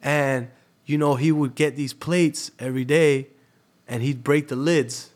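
A man's voice: mid-range voice, steady tone, unhurried. A young man from Florida, a guest on a podcast, telling a story in casual, streetwise talk, swearing freely and calling the host bro.

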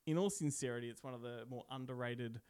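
A man's voice: medium pitch, fast, darkish tone, clean tone, dry recording, clean studio sound. A man co-hosting a casual movie podcast, jokey and laughing often while he leads the segments. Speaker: podcast co-host. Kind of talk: casual chat.

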